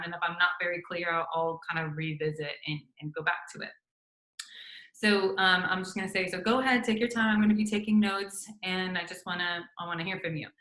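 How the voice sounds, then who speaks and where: A woman's voice: medium pitch, sharp tone, echoey room, poor audio. A middle-aged woman physician giving casual instructional advice to other doctors, talking conversationally with frequent fillers and restarts and acting out sample phone lines. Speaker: physician coaching doctors on practice building.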